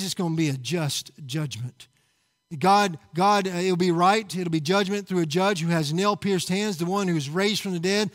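Man, pastor, high voice, fervent sermon, urgent repetition, stumbling restarts, church service. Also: a bit bright. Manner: fervent, urgent exhortation with repeated phrases.

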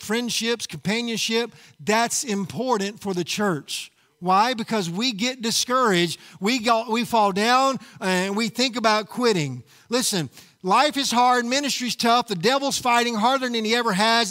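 A man's voice: very high voice, moderate pace, sharp tone, long reverb tail. A man preaching a sermon as pastor, emphatic and often calling out to the congregation. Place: church sanctuary.

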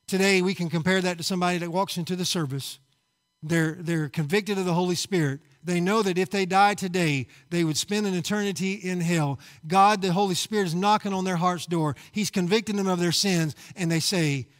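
A man's voice: high voice, moderate pace. A man preaching a sermon at a church service, fervent and urgent, repeating his calls and stumbling over words when worked up. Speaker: pastor.

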